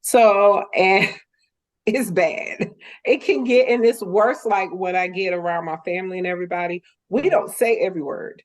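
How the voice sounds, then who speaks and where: A woman raised in the Deep South with a Southern accent, earnestly explaining her view in a casual chat. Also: moderate pace.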